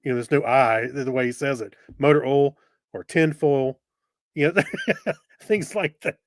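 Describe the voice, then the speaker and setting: A man co-hosting a podcast in casual chat, easygoing, with quick agreeing replies. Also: medium pitch, wildly swooping pitch, no room sound, clean studio sound. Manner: easygoing, brief backchannels and laughs. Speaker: podcast co-host.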